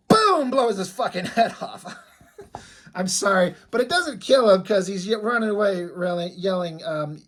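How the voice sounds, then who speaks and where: A man's voice: sits high, animated, normal speed, slight background noise. A man talking casually in a show-and-tell vlog, rambling, laughing often and swearing offhandedly. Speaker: video creator.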